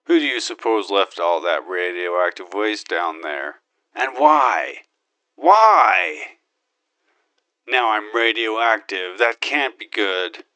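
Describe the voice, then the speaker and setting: A man's voice: sits low, bright, forceful tone, dry recording, exaggerated voice. A man voicing a cocky, wisecracking gun-crazy marine. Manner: boastful wisecracking, makes gun sound effects. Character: cocky gun-loving male space marine hero. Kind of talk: in-character game monologue.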